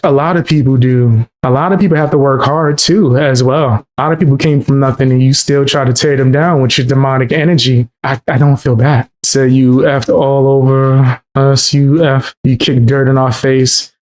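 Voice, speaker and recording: A man's voice: medium pitch, moderate pace, hardly any pauses, darkish tone. Guy riffing on a video, aave, mocking and disbelieving, repeats the punchline a few times. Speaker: commentary host. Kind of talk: reaction commentary.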